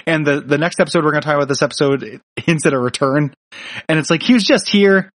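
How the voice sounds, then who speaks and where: A man's voice: a little high, fast, dry recording, clean studio sound. A man co-hosting a casual podcast, recapping a cartoon episode in a rambling, joking way with frequent restarts. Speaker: podcast co-host.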